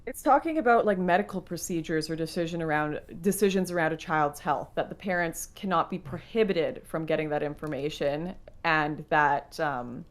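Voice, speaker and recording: A woman talking casually on a live stream, dry and sarcastic, often pausing on fillers. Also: deep voice.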